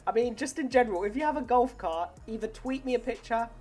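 A man's voice: extremely high pitch, expressive, fast talker, a little mellow, soft background music. Joking gamer man, casual chat. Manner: joking, laughs often. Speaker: gaming YouTuber. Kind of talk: casual role-play chat.

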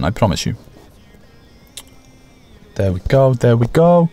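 A man hosting a gaming channel, giving casual, jokey, self-mocking commentary over his play with sudden excited bursts. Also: medium pitch, slow pace, faint music behind.

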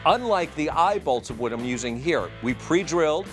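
Relaxed man explaining a DIY build. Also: fairly high pitch, normal speed, faint music behind. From Iowa, United States. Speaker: show co-host doing a DIY segment. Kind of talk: casual studio chat and how-to demonstration.

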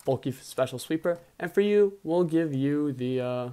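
A young man, the host, giving casual game commentary, excitable and swinging from mumbling to loud outbursts. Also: a little high, normal speed, clean tone. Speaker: video host and league player.

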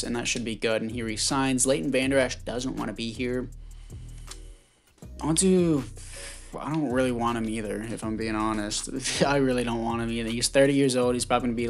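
A man giving casual commentary on a football video game, chatty and thinking out loud, often stumbling over names and correcting himself. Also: mid-range voice. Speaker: gaming YouTuber.

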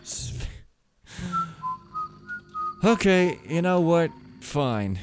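A man's voice: lowish voice, moderate pace. A man giving rambling, wry gameplay commentary as a let's play host, talking to himself as he plays. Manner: wry, joking, talks to himself. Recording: game music behind voice. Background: game music.

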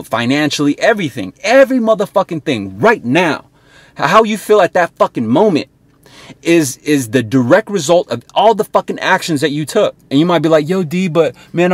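A man's voice: on the high side, dry recording. Blunt, profane man giving a motivational rant. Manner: blunt, heavily profane, keeps checking in with "right?". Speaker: motivational sales coach.

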